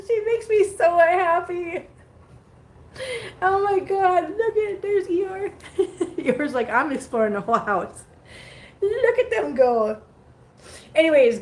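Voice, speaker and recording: A woman hosting a casual live stream from home, chatting with viewers and cooing at her cats in baby talk. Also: fairly high pitch. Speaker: cat channel host.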